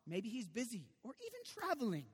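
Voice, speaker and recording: A man preaching a sermon and voicing a bold male prophet who mocks his rivals with loud jeering shouts. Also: very high-pitched, wildly swooping pitch, brisk, breathy edge, heavily acted. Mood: taunting. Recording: long reverb of a large hall.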